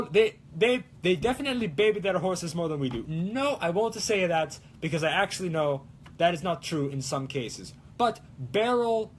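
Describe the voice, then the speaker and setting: A hammy, boastful Italian-accented rancher type, as a man puts him on for a livestream. He rambles in a sing-song, theatrical lilt, pitched up high. A faint hiss sits under the voice. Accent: put-on Italian. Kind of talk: livestream chat in character.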